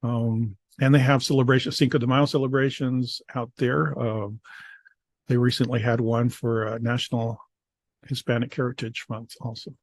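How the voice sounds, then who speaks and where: A man presents his program in a halting, pause-filled way. His voice sits at an ordinary middle pitch, and the sound is dry with no room echo. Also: flat delivery. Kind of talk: conference presentation.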